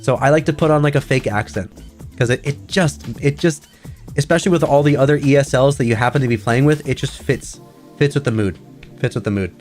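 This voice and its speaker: A man's voice: medium pitch, fairly quick, darkish tone, soft background music. Chatty rambling man streaming. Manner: rambling, filler-heavy, chatty. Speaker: VTuber streamer. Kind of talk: casual livestream chat.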